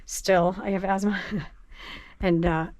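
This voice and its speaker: Breathless, slow-talking woman on a boat. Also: mid-range voice, steady tone, darkish tone. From New England. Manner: chatty, laughing, slow and rambling. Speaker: boat vlogger. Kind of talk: casual vlog narration. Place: on a boat, below deck.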